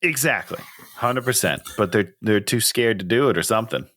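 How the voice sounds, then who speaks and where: A man co-hosting a casual podcast, enthusiastic and quick with asides, swearing casually. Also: on the low side, lively intonation, fairly bright tone. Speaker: podcast co-host. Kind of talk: casual chat.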